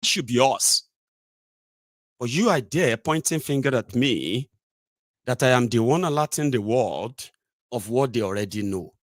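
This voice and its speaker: A man's voice: medium pitch, expressive, measured pace, pauses often, no echo, studio quality. A man with a Nigerian accent hosting a sarcastic, opinionated political monologue. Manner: sarcastic, mocking, rhetorical. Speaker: political commentary host.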